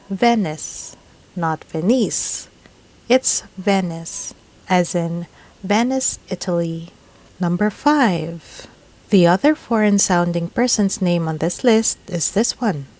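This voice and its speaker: Slow, deliberate woman teaching English. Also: mid-range voice, darkish tone, low-quality recording. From Philippines. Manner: slow, deliberate, repeats each word several times. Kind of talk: scripted instructional narration.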